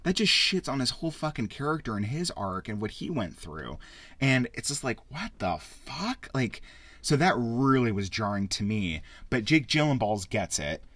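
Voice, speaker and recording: A man hosting a casual spoken film review, rambling and excitable, with frequent swearing. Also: medium pitch, moderate pace, dry recording. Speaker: podcast host reviewing a film.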